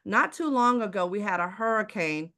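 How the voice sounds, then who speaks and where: A woman's voice: medium pitch, expressive, normal speed, bright, forceful tone. A woman from Houston with a Texan accent, giving a live online sales presentation and asking the audience rhetorical questions. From Houston, Texas.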